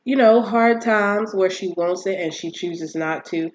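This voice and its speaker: A woman hosting a casual solo podcast, talking in a chatty, animated way with many fillers and restarts. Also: lowish voice, normal speed, few pauses, muffled recording, a little hiss or hum. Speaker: podcast host.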